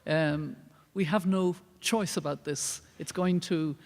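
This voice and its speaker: An older woman with an Irish accent, giving an earnest, measured public lecture as a guest speaker. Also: sits low, fairly even intonation, darkish tone. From Ireland. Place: large lecture hall. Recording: long reverb of a large hall.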